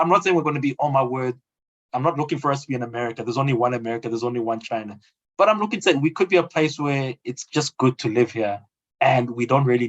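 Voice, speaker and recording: Emphatic South African man, lo-fi sound. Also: medium pitch. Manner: emphatic and rhetorical, acts out quoted voices. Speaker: guest commentator. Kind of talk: conversational argument. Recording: dull lo-fi audio.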